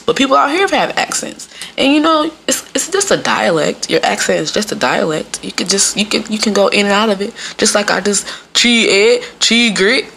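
Animated gravelly-voiced woman podcaster. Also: mid-range voice, fairly quick, slight background noise. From Midwest US. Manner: animated, acting out quoted voices. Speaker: podcast host. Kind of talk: casual comedic monologue.

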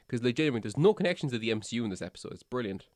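A man's voice: medium pitch, sing-song, very fast, a little mellow. A man with a Cork Irish accent, chatting casually as a podcast co-host and rambling through many fillers and restarts. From Ireland. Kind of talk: casual chat.

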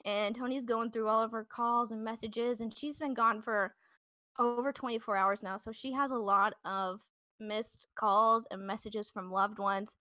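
A woman's voice: fairly high pitch, steady tone, unhurried, sharp tone, no room sound, clean studio sound. A woman hosting a podcast, telling a true-crime story in a loose, chatty way with plenty of fillers and restarts. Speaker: podcast host. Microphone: podcast microphone.

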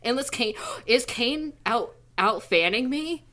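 A woman's voice: on the high side, lively intonation, slow pace, bright, forceful tone. A woman guest in casual podcast banter, chatty and swearing, with lots of fillers.

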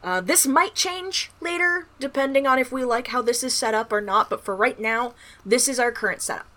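Blunt, fairly high-voiced woman podcast co-host. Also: expressive, normal speed, pushed and bright. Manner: blunt, swears casually, corrects details. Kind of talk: casual podcast chat.

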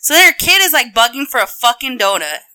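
A woman with a very bright, crisp, clean voice, ranting her way through an everyday story in a loose, profane, animated style. She talks casually, like a co-host chatting on a podcast. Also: on the high side, fast.

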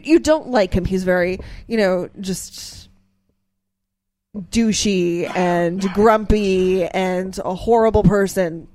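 A woman's voice: mid-range voice, darkish tone, no room sound. A woman talking casually, rambling with fillers and restarts. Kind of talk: casual chat.

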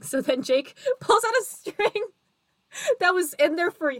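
A woman's voice: extremely high pitch, animated, slow pace, no room sound. A woman co-hosting a casual book podcast over a video call, recapping chapters and laughing often. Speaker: podcast co-host.

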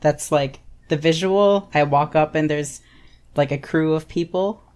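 A woman's voice: low-pitched, unhurried, a little mellow. A woman playing a tabletop game, casual and hesitant, thinking aloud. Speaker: player.

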